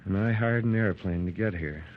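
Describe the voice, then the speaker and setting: An actor in a 1930s radio drama playing a steady, plain-spoken man hoping to win back his former love. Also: low-pitched, moderate pace, narrow, tinny audio, slight background noise, close to an everyday voice. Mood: resigned.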